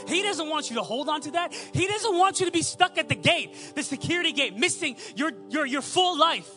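A young man delivers a sermon in a strikingly high voice, weaving personal stories into emphatic, repeated appeals. Faint music plays underneath. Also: lively intonation, fairly quick, sharp tone. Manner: storytelling, emphatic repetition. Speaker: preacher.

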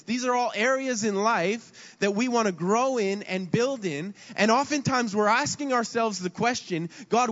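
A man's voice: high voice, a bit bright. A man preaching a sermon as a pastor, earnest and often repeating words mid-sentence. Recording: dull sound with long hall reverb.

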